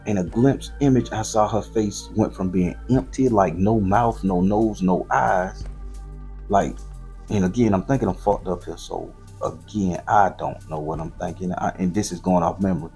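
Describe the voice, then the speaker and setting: Southern US male storyteller, 40s, raspy-edged low voice, profane and rambling. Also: normal speed, faint music behind. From southern Florida. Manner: loose, profane and animated, with slangy repetition.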